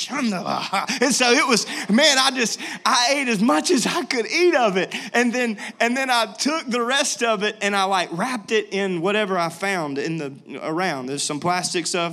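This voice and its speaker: A young man preaching a sermon in a jokey, lively storytelling way. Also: sits high. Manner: jokey, animated, laughs often. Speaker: pastor.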